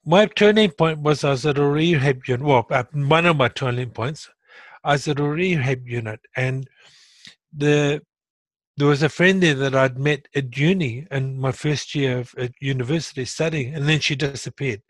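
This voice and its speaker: A man's voice: mid-range voice, moderate pace, dry recording. Blunt, earnest man with a dry sound. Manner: earnest, blunt, animated when retelling. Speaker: guest sharing stroke recovery story. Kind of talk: casual conversation.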